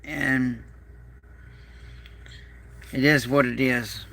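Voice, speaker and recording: A man's voice: mid-range voice, level tone, very slow, vocal fry, sharp tone. A man vlogging a rambling personal monologue, aggrieved and bitter, repeating himself as he talks. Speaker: prepper vlogger.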